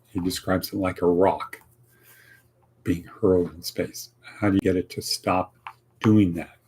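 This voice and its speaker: A man's voice: low-pitched, little pitch movement, a little slow, darkish tone, husky. A man hosting a casual motivational podcast, talking in a rambling, folksy way and repeating his phrases. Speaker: podcast host.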